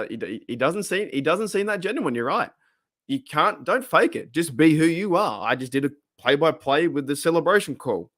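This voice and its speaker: An Australian man hosting a podcast from his room alone, chatting in an excitable, rambling way and often laughing. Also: medium pitch. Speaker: podcast host. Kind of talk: casual livestream chat.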